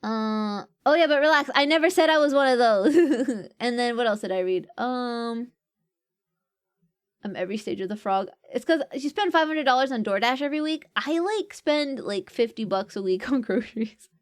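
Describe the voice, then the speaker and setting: A woman's voice: fairly high pitch, animated, normal speed, clean tone. A young woman streamer chatting casually and reading out viewer comments, playful and jokey and often laughing. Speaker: VTuber streamer.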